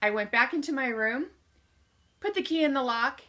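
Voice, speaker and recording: A woman speaker telling a personal story in an animated way, acting out what people said and answering her own questions to the audience. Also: high voice, moderate pace. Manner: asks the audience questions and answers them herself. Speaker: motivational speaker.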